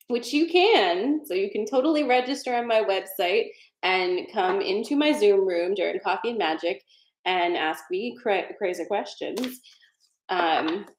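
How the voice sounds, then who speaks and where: A woman hosting a casual live tarot card reading, chatty and digressive, laughing often. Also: medium pitch. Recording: roomy echo.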